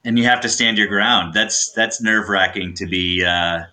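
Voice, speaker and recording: A man's voice: lowish voice, normal speed, bright, forceful tone. A man interviewing a guest in a casual chat, conversational and encouraging.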